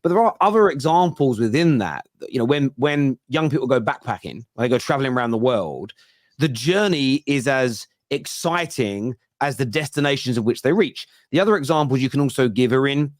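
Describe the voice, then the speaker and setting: A man co-hosting a football fan debate, calmly building a counterargument from examples. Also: mid-range voice, dry recording, clean studio sound. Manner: measured, building an argument with examples. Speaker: co-host.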